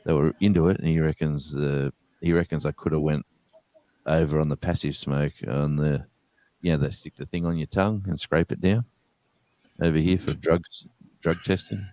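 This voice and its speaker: A middle-aged man talks in a very deep, low voice. He is recorded close and dry. He yarns in a loose, slangy way as he chats with friends on a live stream. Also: steady tone, normal speed, mellow, dry recording. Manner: storytelling with slang and quoted voices. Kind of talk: casual chat on a live stream.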